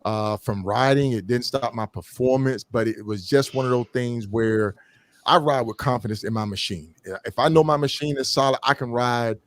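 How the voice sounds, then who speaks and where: A man's voice: mid-range voice, no room sound. Earnest man on a dry-sounding mic. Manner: earnest, repeats himself for emphasis, business-like. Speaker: endurance motorcycle rider, podcast guest. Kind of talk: casual podcast conversation.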